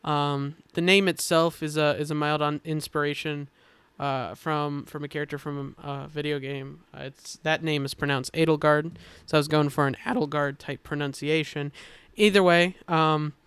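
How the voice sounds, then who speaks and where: A man with a higher-than-usual, very smooth and resonant voice talks through story characters on a casual podcast. He explains slowly and thoughtfully, pausing often with fillers. The sound is close and dry, with no room around it. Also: fairly even intonation, fairly bright tone, no echo. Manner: halting, thoughtful explaining with many filler pauses. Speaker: game designer explaining characters.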